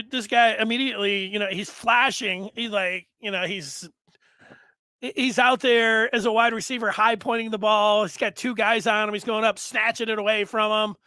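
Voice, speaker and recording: A man's voice: high-pitched, bright, forceful tone, no echo. A man hosting a casual sports talk stream, chatting in a rambling way and reading out viewer comments. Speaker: sports show host.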